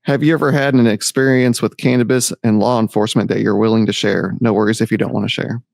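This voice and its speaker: A man hosting a relaxed podcast interview, asking questions in an easy, encouraging way. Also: fairly low pitch, fast, gravelly, dry recording. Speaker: podcast host. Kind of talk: casual interview.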